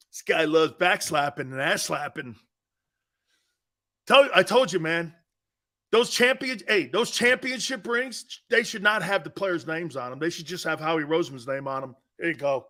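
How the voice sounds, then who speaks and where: A man hosting a sports talk show, riffing casually in a mocking way, laughing often and slipping into quick impressions of others. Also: a little high, bright, forceful tone, slight background noise.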